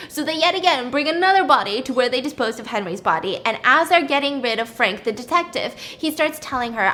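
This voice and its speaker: A woman's voice: high-pitched, a little fast, few pauses, a little hiss or hum. A young woman casually retelling a story while baking for her vlog, acting out the characters and laughing often. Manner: animated, voices the characters in quotes, laughs often.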